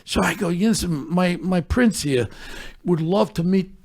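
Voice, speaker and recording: Older New man, gravelly and high-pitched, profane storyteller, blunt street talk. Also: unhurried. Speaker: storyteller on his own podcast. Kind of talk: casual storytelling.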